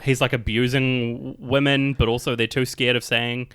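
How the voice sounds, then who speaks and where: A man's voice: medium pitch, flat delivery, moderate pace, a bit bright, clear, resonant tone. A young man chatting casually as a podcast co-host, rambling with lots of fillers and frequent laughs. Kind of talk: casual chat.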